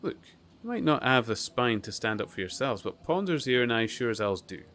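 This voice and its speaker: A man voicing a brash, tough woman warrior who talks rough and scornful while reading a game's story aloud. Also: medium pitch, big pitch swings, brisk, a bit bright. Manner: blustering, scornful, rough talk.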